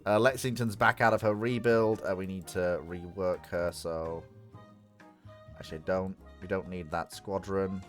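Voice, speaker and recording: A streamer, commenting live on a strategy game and bursting into loud exclamations. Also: low voice, fairly even intonation, measured pace, soft background music.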